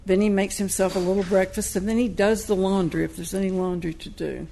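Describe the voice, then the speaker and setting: A woman novelist in a conversational interview, retelling her story's plot in a lively, storytelling way. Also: medium pitch, fairly quick, vocal fry. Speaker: novelist discussing her book. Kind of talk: conversational book discussion.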